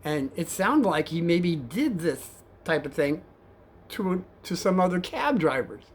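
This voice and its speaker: A man who used to drive a cab, telling a story casually and softly, with a rambling manner and calling his viewers kids. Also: a little high, sing-song, unhurried, a little hiss or hum. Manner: soft-spoken and rambling, addresses viewers as kids.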